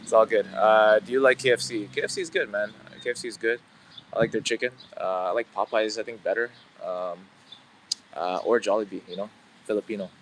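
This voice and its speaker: A man's voice: on the low side, fairly even intonation, fairly quick, a bit bright, a little hiss or hum, poor audio. A man in his thirties hosting a casual live stream outdoors, rambling with lots of fillers as he talks to viewers. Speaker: livestream host. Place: outdoors, about to head into work.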